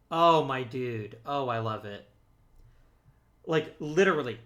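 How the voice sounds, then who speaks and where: A man records casual let's play commentary in a bright, forceful voice. He jokes as he goes and talks straight to the viewers and the players in the game. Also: medium pitch. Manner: chatty and joking, talks to the viewers and to the players on screen.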